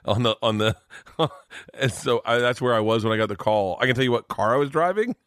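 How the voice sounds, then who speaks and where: A man's voice: mid-range voice, a little fast, a bit bright, no echo, studio quality. A middle-aged man, a comedian guest, telling rambling, profane stories in casual podcast chat. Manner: rambling storyteller, swears freely.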